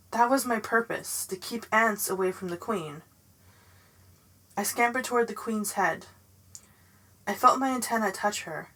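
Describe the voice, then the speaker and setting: A woman reading a novel aloud in the first person, in a measured, dramatic way. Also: mid-range voice, pushed and bright, poor audio. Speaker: audiobook narrator.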